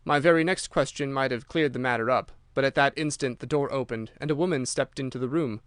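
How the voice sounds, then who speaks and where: A man narrating a short story as an audiobook in a steady, measured way. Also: mid-range voice, clear, resonant tone, no echo, studio quality. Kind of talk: scripted narration.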